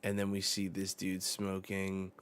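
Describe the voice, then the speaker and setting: A low-voiced man hosts a casual live manga reaction, reading the pages aloud as he goes. He speaks slowly and loosely, with plenty of fillers between his thoughts. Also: clear, resonant tone. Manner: relaxed, rambling, uses many fillers.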